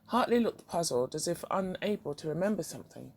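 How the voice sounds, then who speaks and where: A reader narrating a first-person story with measured, even delivery. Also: mid-range voice. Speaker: audiobook reader.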